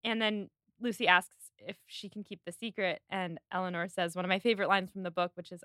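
Woman podcast host, bright tone, dry recording; lively, acts out quoted lines. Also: on the low side, fairly quick, hardly any pauses, no room sound. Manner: animated, quotes characters in voices. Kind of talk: casual chat.

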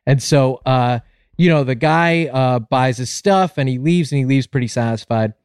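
A man's voice: medium pitch, moderate pace, clear, resonant tone, no echo, clean studio sound. Rambling male podcast host telling a joke. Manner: rambling storyteller, loud excited voices for characters. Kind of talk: casual comedic chat, telling a long joke.

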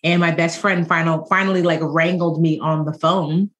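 A woman in her forties, a financial educator and podcast guest, telling stories in a lively, joking way. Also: sits low, moderate pace. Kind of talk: conversational podcast interview.

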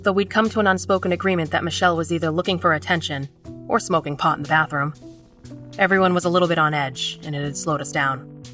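Low-voiced woman narrating a horror story. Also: fairly even intonation, a bit bright, recorded from a distance, soft background music. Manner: measured, tense storytelling. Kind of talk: scripted first-person narration.

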